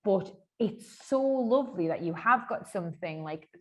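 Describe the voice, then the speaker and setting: A woman, hosting a casual podcast chat, bubbly, swearing freely and laughing loudly. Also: mid-range voice, animated, normal speed, dull audio. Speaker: podcast host.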